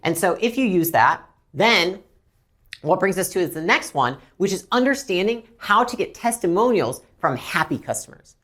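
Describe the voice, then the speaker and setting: This is a woman teaching business owners how to handle upset customers. She talks bluntly and with emphasis, her voice fairly low but moving lively up and down. She slips into quick acted dialogues between staff and customers. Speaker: business coach. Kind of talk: instructional talk to camera.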